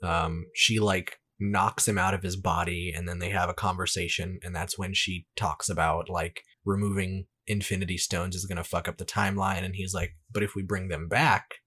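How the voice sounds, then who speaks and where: Low raspy guy on a podcast, casual movie recap, lots of um and like. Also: level tone, moderate pace, hardly any pauses, bright, forceful tone. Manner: rambling, many fillers, acts out dialogue. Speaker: podcast co-host. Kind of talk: casual chat recapping a film.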